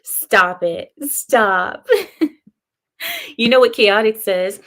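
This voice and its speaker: A young woman speaks very slowly in a mid-range, slightly bright voice while hosting a casual live stream. Reading chat comments out loud, she shares her views with strong conviction and laughs frequently between comments.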